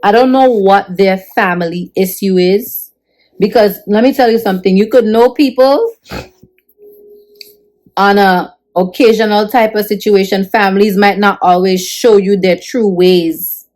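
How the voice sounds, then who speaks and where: A woman's voice: mid-range voice, measured pace, darkish tone, rough recording. A woman telling an emotional personal story in a casual vlog, acting out the people she quotes. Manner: earnest, emotional retelling with quoted dialogue.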